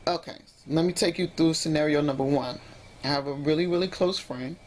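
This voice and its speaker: A woman's voice: low-pitched, fairly quick, darkish tone, slight background noise. A woman vlogging about personal drama, emotional and rambling, often restarting her sentences. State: emotionally upset. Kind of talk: emotional storytime vlog.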